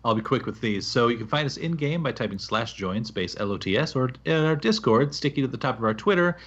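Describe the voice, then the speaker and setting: A man co-hosting a gaming podcast in a relaxed, rambling manner, working through listener reviews with plenty of fillers. The recording is slightly dull and lo-fi. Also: mid-range voice, fast talker. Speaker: podcast co-host. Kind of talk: casual podcast chat, reading listener reviews.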